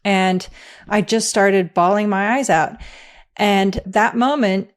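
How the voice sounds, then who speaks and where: A woman's voice: medium pitch, fairly even intonation, slow pace. Earnest woman sharing her story. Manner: earnest, reflective, laughs often. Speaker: interview guest. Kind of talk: candid conversational interview.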